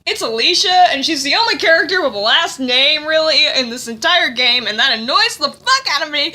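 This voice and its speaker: A woman's voice: high-pitched, sing-song, a little fast, few pauses, bright, forceful tone. A young woman recapping a game plot in a casual comedic way, rambling and sarcastic, full of fillers and swearing, recorded on a phone. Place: indoors with a friend.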